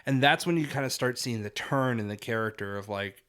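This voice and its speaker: A man's voice: medium pitch, a little fast, a bit bright. A man with an ordinary mid-range voice co-hosts a film podcast in a loose, casual chat. He talks animatedly, laughs often and pads his sentences with fillers. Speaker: podcast co-host.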